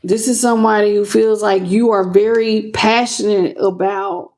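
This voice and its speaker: This woman reads tarot casually to camera, talking straight to viewers in loose slang and audibly moved by the cards. Her voice is mid-range and a little mellow, with fairly even intonation at a moderate pace.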